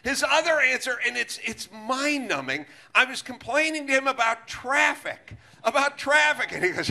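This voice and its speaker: Guy hosting a podcast, swearing and venting, pretty high voice, super bright edge. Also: very animated, normal speed, gravelly, hardly any pauses. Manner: profane, exasperated, sarcastic rant. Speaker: podcast host. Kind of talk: ranting comedic podcast talk.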